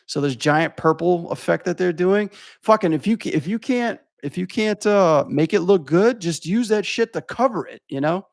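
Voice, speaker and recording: A man's voice: high-pitched, lively intonation, moderate pace, creaky, no room sound, clean studio sound. A young adult man from Louisiana, rambling and swearing as he critiques animation for his stream chat. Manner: rambling, profane, filler-heavy.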